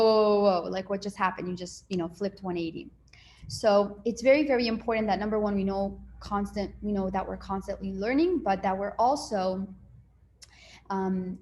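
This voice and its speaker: A woman's voice: medium pitch, a little mellow, slight background noise. A woman coaching on relationships in a casual advice talk, chatting freely and acting out little dialogues as she goes. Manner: conversational, acts out little dialogues, many fillers.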